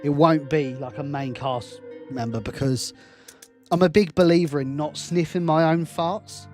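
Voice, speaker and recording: Playing a game, a young man who directs fan films and streams games offers rambling, self-deprecating commentary and laughs often. His voice is a little high and darkish, with fairly even intonation and a measured pace, and faint music plays behind him.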